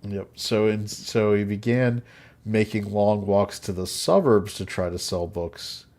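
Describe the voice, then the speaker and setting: A man's voice: fairly low pitch, a little slow, darkish tone. A man hosting a podcast, telling a history story in casual chat and often laughing at his own jokes. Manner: laughs often, jokey asides. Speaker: podcast host.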